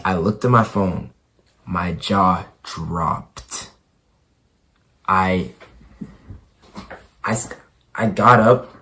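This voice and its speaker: A hoarse young man with a lowish voice vlogs casually, stammering and repeating himself. His worn-out voice swings between quiet murmurs and loud bursts. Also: drawn-out words, long pauses. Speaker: basketball YouTuber. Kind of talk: excited casual vlog.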